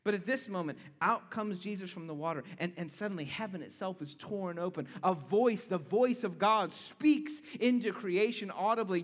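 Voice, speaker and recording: A man preaching a sermon as pastor, earnest, dropping to hushed tones for emphasis. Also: high voice, moderate pace, hardly any pauses. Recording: long hall reverb.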